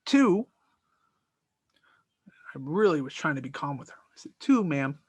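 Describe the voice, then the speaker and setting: A man hosting his own podcast, telling the story of an argument in a casual, animated and exasperated way, acting out both sides of the dialogue. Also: fairly high pitch, measured pace, husky, no echo. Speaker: podcast host.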